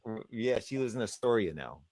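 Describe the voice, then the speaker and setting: A middle-aged man hosting a casual interview, speaking in a relaxed way with short replies. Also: on the low side, brisk. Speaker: host.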